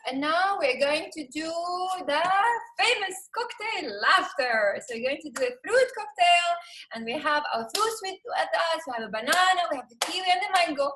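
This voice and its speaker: A woman's voice: extremely high pitch, lively intonation, moderate pace, sharp tone, poor audio. A woman leading a laughter yoga session over a video call, cheerful, laughing often and calling out "yay". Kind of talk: live webinar instruction.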